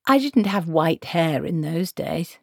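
A woman's voice: low voice, animated, gravelly, no echo, clean studio sound, full character voice. A woman voicing an old, bossy, blunt village witch in a storybook reading. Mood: brisk. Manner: brisk, bossy.

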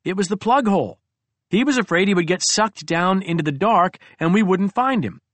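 Expressive man narrating a comic audiobook. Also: moderate pace, dry recording. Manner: expressive, comic storytelling with big pitch swings. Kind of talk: first-person audiobook narration.

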